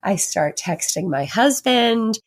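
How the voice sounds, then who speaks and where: A woman in her thirties hosting a podcast, sharing a personal story candidly and with animation, laughing often as her pace swings between rushed and slow. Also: on the high side, expressive. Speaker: podcast host.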